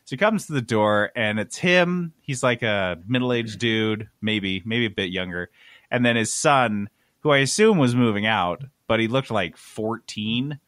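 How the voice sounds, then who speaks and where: A man on a podcast telling a story casually, animated and exasperated, swearing freely. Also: fairly low pitch, unhurried, no room sound, clean studio sound. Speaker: podcast host.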